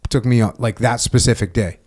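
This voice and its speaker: In a mid-range, darkish voice at a fairly quick clip, a middle-aged man who once served in the military hosts a casual podcast chat. He comes across as reflective, breaks into laughter often, and frequently restarts what he's saying.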